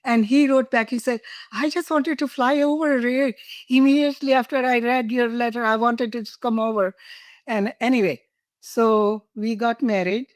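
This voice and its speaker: A woman's voice: fairly high pitch, fairly even intonation, normal speed, no echo, studio quality. An older woman from India, a guest telling personal stories in an interview, laughing and emotional at times. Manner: warm, laughing, emotional storytelling.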